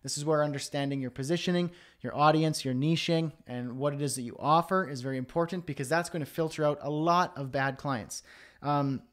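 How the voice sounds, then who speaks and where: A man's voice: a little high, a little fast. A man hosting a freelancing Q&A livestream from his home studio, talking casually with frequent fillers and self-deprecating asides.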